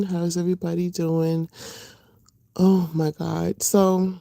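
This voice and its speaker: A middle-aged woman talks casually to her livestream viewers, greeting them and filling pauses with ums. Her voice is low-toned, gravelly and rough from sleep. The sound is dry and close, with no room around it. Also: fairly even intonation, no room sound. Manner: chatty, warm greetings to viewers, many fillers. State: just woke up, voice rough. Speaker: livestream host.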